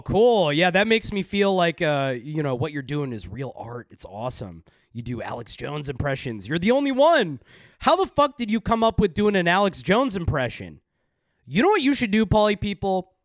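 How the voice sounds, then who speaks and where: A man's voice: on the high side, no room sound, studio quality. A man hosting a live stream, talking casually with heavy sarcasm and crude swearing. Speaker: stream host.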